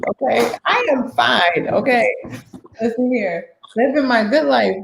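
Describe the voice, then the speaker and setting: A woman's voice: a little high, lively intonation, a little slow, creaky, reverberant, low-quality recording. A woman hosting a casual podcast panel chat, talking in a blunt, emphatic, defensive way. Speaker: podcast host.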